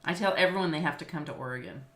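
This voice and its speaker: Chatting casually on a video call, a middle-aged woman from Los Angeles, United States, who teaches business law fills her speech with fillers and laughs easily. She's low-pitched and fairly bright, speaking rapid-fire. The recording is echoey.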